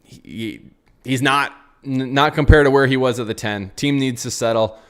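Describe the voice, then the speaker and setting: A man's voice: medium pitch, moderate pace, clear, resonant tone. Frustrated man reacting to football. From United States. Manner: frustrated, rambling, repeats phrases, answers chat. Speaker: football channel host. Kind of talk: live post-match reaction reading chat.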